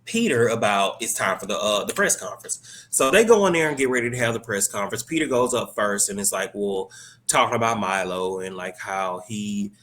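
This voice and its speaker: A man's voice: fairly low pitch, expressive, a bit bright, a little hiss or hum. Rambling man recapping a show. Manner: rambling, many fillers, acts out characters' lines in quick bursts. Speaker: host recapping a TV episode. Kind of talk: casual recap.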